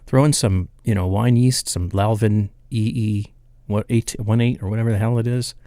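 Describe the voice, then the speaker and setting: A man's voice: lowish voice, steady tone, normal speed, warm tone, no echo, studio quality. A man hosting a live home brewing stream, chatting loosely and reading viewer comments aloud, rambling and laughing at himself as he loses his place.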